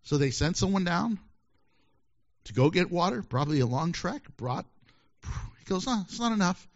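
A pastor preaching a sermon, lively and joking, acting out quoted voices as he reads scripture. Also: on the high side, normal speed, highs cut off.

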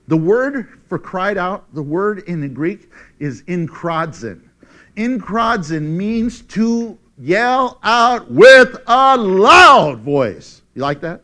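A male preacher delivering a lively sermon. His voice sits high and swoops widely as he reads scripture with drama, breaks into frequent laughter, and rises to shouts at key points. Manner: animated, laughs often, shouts for emphasis.

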